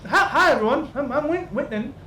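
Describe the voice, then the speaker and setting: A man's voice: very high-pitched, expressive, fairly quick, voice pushed up. A man putting on a stammering, eager little alchemist. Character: nervous small male alchemist, eager and fussy. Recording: roomy, distant mic, light noise.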